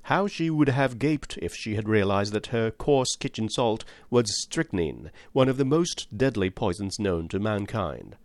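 A man narrating an audiobook in the first person with expressive, scripted storytelling. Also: on the low side, unhurried, few pauses, dry recording.

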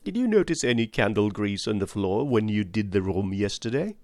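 A man reading an audiobook, voicing a calm, precise elderly male Belgian detective with a put-on French-tinged accent. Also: on the low side, fairly quick, no room sound. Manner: precise, placid, calmly probing.

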